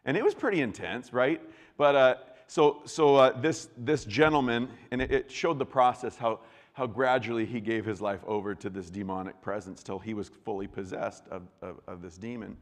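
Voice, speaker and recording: Brief: male pastor, mid-pitched and chatty, with lots of restarts, church hall with long reverb. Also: normal speed. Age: adult. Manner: conversational, repeats words and restarts, breaks into acted quotes. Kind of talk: sermon.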